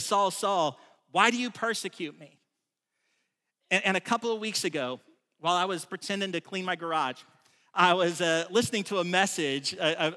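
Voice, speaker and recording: A man preaches in a high, bright, forceful voice, keeping it relaxed and conversational while he stresses key points. He often stumbles into restarts. His voice carries a long reverb from the large room he speaks in. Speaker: pastor. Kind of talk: sermon.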